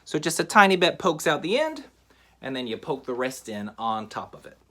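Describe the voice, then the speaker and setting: A man teaching a magic trick in a relaxed, chatty how-to style, with frequent fillers. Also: medium pitch, moderate pace. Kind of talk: casual how-to tutorial.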